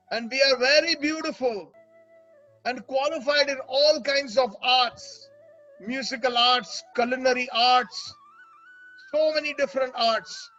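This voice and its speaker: A man voicing grieving royal queens in a soft, choked voice. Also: very high-pitched, muffled recording, pitched above the performer's own voice, full character voice. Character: grieving royal queens, adult women, lamenting.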